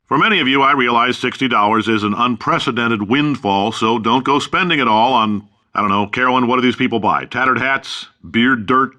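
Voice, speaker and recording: In this video game, the company's founder and CEO is a brash, bragging middle-aged boss with a sarcastic sales pitch, played by a male actor. His voice is mid-range and bright, with a forceful edge.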